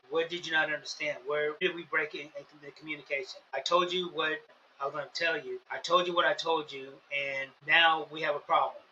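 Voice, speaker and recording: A man's voice: high-pitched, pushed and bright, muffled recording, a little hiss or hum. A man hosting a podcast, giving earnest, repetitive, preacher-like advice on communication. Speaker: podcast host. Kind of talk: motivational podcast talk.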